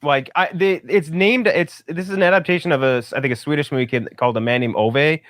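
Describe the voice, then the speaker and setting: A man's voice: on the high side, fast talker, fairly bright tone, no echo, studio quality. A young man co-hosting a movie podcast, rambling and cursing in casual exasperated chat. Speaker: podcast co-host.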